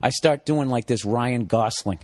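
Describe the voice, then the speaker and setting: A man's voice: mid-range voice, unhurried, darkish tone, no room sound. Profane, sarcastic storytelling man. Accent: Boston. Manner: profane, sarcastic, acts out both sides of a quarrel. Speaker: podcast host telling a story. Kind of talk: casual storytelling monologue.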